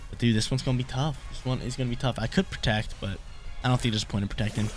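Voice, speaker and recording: In live game commentary, a young gaming YouTuber talks quickly through his own game, thinking aloud in casual slang and repeating phrases as he weighs each move. His voice sits at an ordinary middle pitch with fairly even intonation, and soft game music plays faintly behind him.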